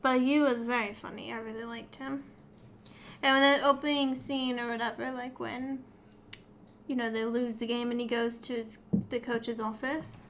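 A woman co-hosting a casual movie podcast from home, animated and quick to laugh and react. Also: a little high, slight background noise. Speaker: podcast co-host.

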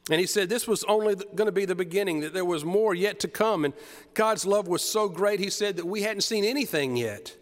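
A man's voice: sits high, brisk, in a large hall. A man preaching a sermon, retelling the story with drama and repeated phrases.

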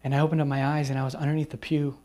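A man preaching as a guest speaker at a retreat, telling a personal testimony and slowing down for soft, emphatic phrases. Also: a little high, little pitch movement, a crowd in the background. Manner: acts out quoted people in whispers and raised voices. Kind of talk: sermon storytelling at a retreat.

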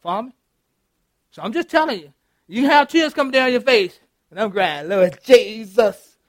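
A man's voice: extremely high pitch, normal speed, dry recording, studio quality. A middle-aged man, preaching an interactive sermon as pastor, laughing often and calling out to his congregation. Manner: animated, laughing, calls out to the congregation. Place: church.

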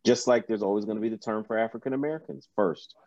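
A man on a podcast explaining his point in a measured way. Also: fairly low pitch, dark tone, dry recording. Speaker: podcast guest. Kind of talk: casual chat. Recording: dull dry lo-fi sound.

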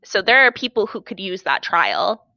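A woman chatting casually, retelling stories with lively acted-out replies. Her voice is bright and forceful. The sound is dry and close, a little dull and lo-fi. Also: mid-range voice, normal speed, creaky, no room sound. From foreigner living in Korea. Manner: animated storytelling, acts out quoted replies. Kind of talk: casual chat.

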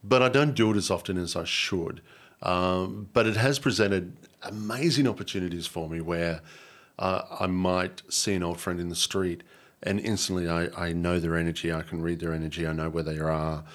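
A man's voice: low voice, fairly even intonation, normal speed. A man, a guest actor chatting casually in an interview, joking and rambling with frequent laughter. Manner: jokey, rambling, laughs often.

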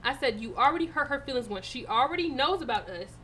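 High bright-voiced woman telling a story. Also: fast, slight background noise. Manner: animated storytelling, swearing, laughing often. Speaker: podcast co-host. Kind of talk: casual chat.

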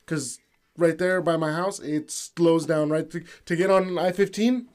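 A man's voice: on the high side, a little slow, darkish tone. A man co-hosting a podcast, telling a profane story and switching into Spanish mid-sentence. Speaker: podcast co-host. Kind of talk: casual storytelling chat.

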